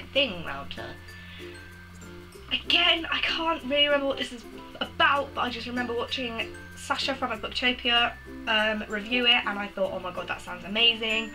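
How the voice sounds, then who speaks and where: A young woman in casual chat as a book vlogger, bubbly and full of quick asides, with music behind. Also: fairly high pitch, sharp tone, rough recording.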